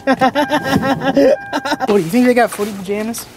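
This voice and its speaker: A man's voice: very high-pitched, slow pace, background noise. A young man in his early twenties hosting a casual shopping vlog, joking and rambling playfully while browsing a big store. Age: 20s. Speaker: vlog host.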